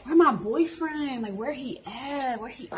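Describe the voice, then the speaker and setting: A woman's voice: high voice, unhurried, slight background noise. A woman playing a clingy young woman who frets anxiously about her absent boyfriend. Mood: fretful. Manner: whiny, anxious, rambling.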